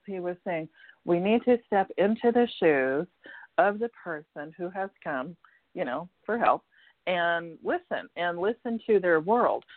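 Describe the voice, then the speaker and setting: A medium-pitched woman's voice with no echo comes over a tinny, dry phone line. She's an American energy healer appearing as a guest in a casual radio chat, talkative, laughing often and acting out quoted lines.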